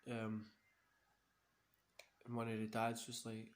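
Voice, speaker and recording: A man's voice: fairly low pitch, monotone, slow pace, a little hiss or hum. A Scottish man in his thirties hosting a wrestling watch-along, talking casually in a rambling, chatty way and laughing often. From Scotland. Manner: chatty and rambling, laughs often, local words like wee and yous. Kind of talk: casual commentary while watching.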